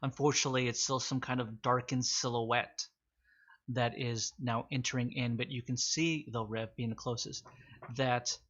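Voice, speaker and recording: A man acts as game master for an online tabletop game, setting each scene in a measured, descriptive way. His voice is bright and clear in tone. The audio sounds a little dull and lo-fi. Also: medium pitch. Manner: descriptive, measured narration with fillers.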